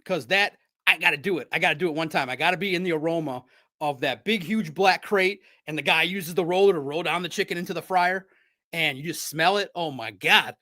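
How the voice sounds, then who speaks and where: A man hosting a casual sports talk show, riffing in an animated, jokey way with sudden loud bursts. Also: on the high side, fairly quick.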